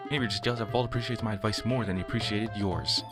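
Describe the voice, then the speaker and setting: A man reading the lines of a shy, formal teenage girl from a visual novel in a low, plain voice. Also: fast, close to an everyday voice. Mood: prim. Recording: game music behind.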